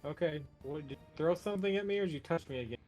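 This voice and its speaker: Player, male, slightly high voice, unsure and questioning, faint music behind. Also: racing, darkish tone. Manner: hesitant, questioning. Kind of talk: casual chat at a tabletop game.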